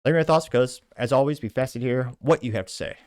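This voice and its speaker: A man's voice: medium pitch, rapid-fire, no room sound, studio quality. A male show host reading social media posts aloud and commenting on them in a wry, mocking tone.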